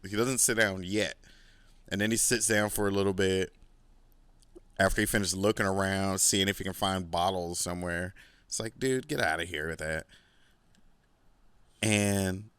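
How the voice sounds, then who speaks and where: On his own podcast, a man with a lowish, slightly bright, clear and resonant voice spins a long, rambling, profane story full of "like" fillers. He stays laid-back, dropping boastful asides, and the recording is dry.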